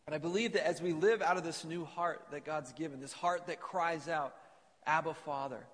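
A man's voice: on the high side, moderate pace, fairly bright tone. A man preaching an earnest sermon to a congregation and reading scripture aloud in a church. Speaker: pastor. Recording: long reverb of a church hall.

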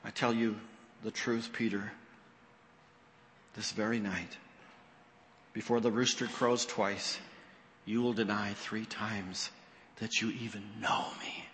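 A male pastor preaching a sermon in a church sanctuary, his voice bright and ringing. He tells the story with expression, dropping low and rising high as he acts out the quoted lines. A long reverb trails each phrase through the hall. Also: unhurried, pauses often.

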